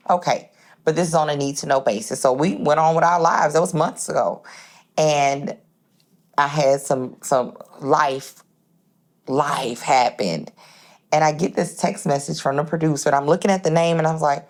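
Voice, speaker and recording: A woman from Port Arthur, Texas, a home-based caterer, telling a story in a casual chat and acting out the dialogue with big jumps in her voice. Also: moderate pace. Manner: animated, acts out dialogue with big pitch jumps.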